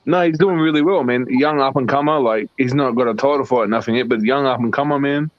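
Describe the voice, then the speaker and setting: A man's voice: mid-range voice, fast, no room sound, muffled recording. A man with an Australian accent, joking and teasing in casual chat, often calling people mate. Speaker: stream chat participant.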